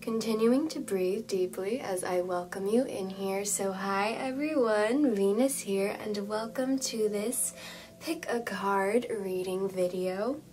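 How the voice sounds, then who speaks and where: A young woman with a hoarse voice giving a calm tarot card reading in slow, soothing phrases. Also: mid-range voice, slight background noise, poor audio. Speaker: tarot reader.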